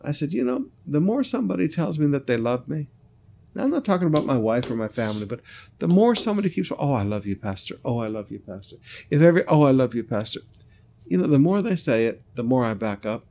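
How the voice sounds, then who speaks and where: A pastor delivering a sermon in a somewhat high male voice, hammering points home through repetition. He drags out scripture word by word, then drops into easy, conversational storytelling. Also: vocal fry, mellow. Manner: emphatic preaching, repeating lines and slowing on scripture.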